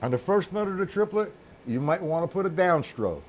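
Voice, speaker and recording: A man's voice: high voice, lively intonation, a little fast, highs cut off, a little hiss or hum. A man giving a casual live-streamed drum lesson, counting beats aloud as he explains technique. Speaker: drum teacher.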